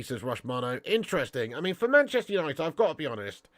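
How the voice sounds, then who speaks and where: A man's voice: mid-range voice, sing-song, brisk, creaky, fairly bright tone, no echo, studio quality. A man hosting a football fan stream, chatting bluntly with viewers and swearing freely, with a stuffy nose. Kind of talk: casual live-stream chat reading viewer comments.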